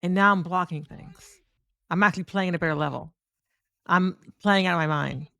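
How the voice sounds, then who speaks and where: A woman giving excitable, profane commentary over footage of her own fighting game matches and talking straight to viewers. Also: lowish voice, normal speed, vocal fry, no echo. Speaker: competitive fighting game player. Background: faint background music.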